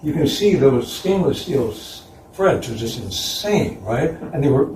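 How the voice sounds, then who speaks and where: A man delivers a conference lecture about images on screen, relaxed and laughing lightly between points. His voice is mellow and dark, and it is picked up from across an echoey hall. A faint background hiss runs under the talk. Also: mid-range voice, unhurried. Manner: relaxed, chuckling asides. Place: concert hall. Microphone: distant room mic. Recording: roomy, distant hall recording.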